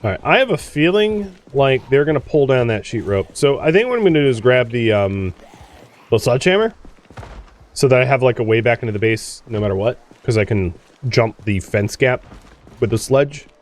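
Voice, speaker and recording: A man's voice: mid-range voice, big pitch swings, normal speed. A man hosting a let's play, chatting casually through gameplay, exclaiming and grumbling at the game.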